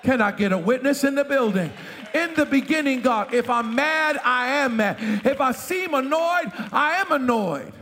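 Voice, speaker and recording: High, bright-voiced preaching man. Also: measured pace, big-room sound, some chatter behind, slight background noise. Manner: impassioned preaching, often shouting, call-and-response. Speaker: pastor. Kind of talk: sermon. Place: church sanctuary.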